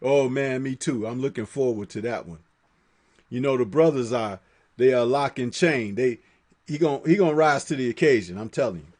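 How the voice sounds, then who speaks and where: A man hosting a live boxing talk stream, animated and profane, laughing often and reading viewer comments aloud. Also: mid-range voice, normal speed.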